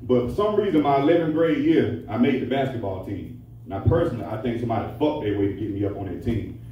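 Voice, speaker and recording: A man's voice: medium pitch, lively intonation, fast talker, far from the mic, muffled recording. A man doing a crude, profane stand-up routine on a handheld mic in a nightclub. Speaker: stand-up comedian. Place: nightclub stage. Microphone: handheld stage mic. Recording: echoey club, voice from afar.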